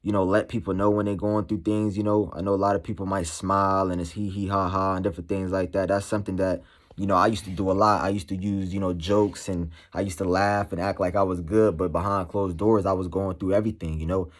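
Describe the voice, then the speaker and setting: A man speaking candidly to camera as a motivational vlogger, halting and slangy, full of "you know" fillers. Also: sits low, flat delivery. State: emotional, shaken. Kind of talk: candid personal monologue to camera.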